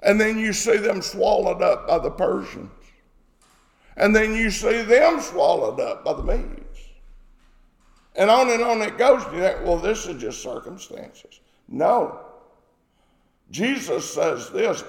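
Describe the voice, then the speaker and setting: Slow gravelly guy preaching, punchy repeats, big echoey room. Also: sits high, sing-song. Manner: emphatic, repeats phrases for stress. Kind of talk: sermon. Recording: echoey hall with long reverb.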